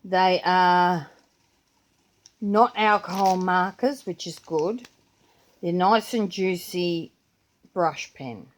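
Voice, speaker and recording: This older Australian woman, a vlogger with a grandchild, talks casually and rambles about her planner and pens. Her voice is on the low side, and she speaks very slowly with long pauses.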